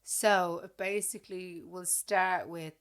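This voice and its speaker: A woman in her thirties with an Irish accent, co-hosting a podcast and chatting casually, blunt and animated as she acts out what people said. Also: on the low side, takes it slowly. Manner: blunt, animated storytelling with acted-out quotes. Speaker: podcast co-host. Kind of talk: casual chat.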